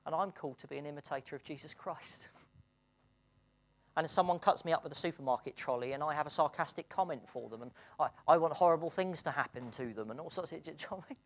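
Talking fast in a mid-range voice, this British preacher delivers an earnest sermon. Hushed stretches give way to excited ones, with laughter between his points.

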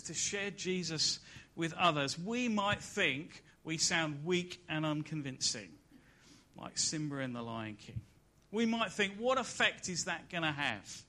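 Male preacher, church sermon; bright, slightly high voice, dramatic swings between loud and hushed. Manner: swells to loud emphatic peaks, then drops soft and low. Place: church service.

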